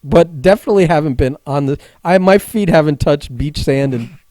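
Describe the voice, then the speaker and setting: A man's voice: a little high, moderate pace, darkish tone, dry recording. A man co-hosting a podcast in casual chat, blunt and grumbling with crude banter. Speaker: podcast co-host.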